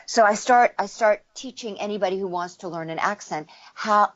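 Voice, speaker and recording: A woman's voice: mid-range voice, normal speed. A woman from the United States, a voice actor and dialect coach, explaining things in a casual interview and demonstrating sounds with her voice. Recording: slightly muffled interview audio.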